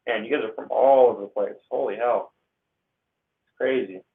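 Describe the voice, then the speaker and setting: A man's voice: mid-range voice, normal speed. A young man from Northern California hosting a casual livestream, reading out viewer comments in an upbeat, slangy way. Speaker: livestream host. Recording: tinny phone-like audio.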